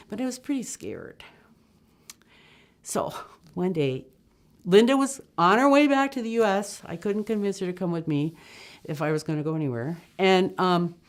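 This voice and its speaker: Chatty older woman telling a story. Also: lowish voice. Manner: animated, acts out quoted voices; chatty, many fillers and restarts. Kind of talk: personal travel storytelling.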